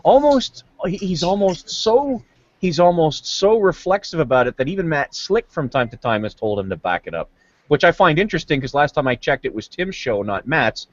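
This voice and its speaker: A man's voice: on the high side, very animated, moderate pace, dry recording. A man talking bluntly in a casual online chat, mocking and stumbling over repeated words. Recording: dull lo-fi voice call.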